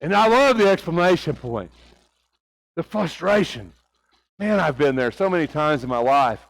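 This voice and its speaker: A man with a light Oklahoma Southern accent preaches a sermon. His voice sits high for a man and sounds dry and close, with little room around it. He leans on rhetorical questions and moves between hushed, quiet passages and emphatic raised ones. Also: lively intonation, normal speed, creaky, dry recording, low-quality recording.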